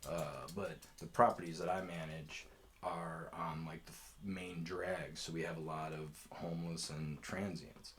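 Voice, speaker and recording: Casual male storyteller, very low voice, rambling and swearing. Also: little pitch movement, a little slow. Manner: rambling, profane, laid-back.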